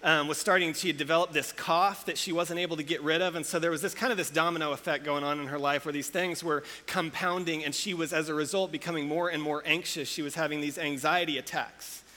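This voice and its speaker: A man's voice: a little high, fairly even intonation, fast, few pauses, pushed and bright. A man preaching a sermon, telling a personal story and acting out the voices of the people in it. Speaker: pastor. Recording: long hall reverb.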